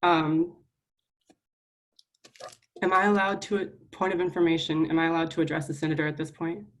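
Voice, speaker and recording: A young woman student senator giving a public apology at a meeting, earnest and halting, close to tears. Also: sits low, level tone. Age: young adult. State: near tears.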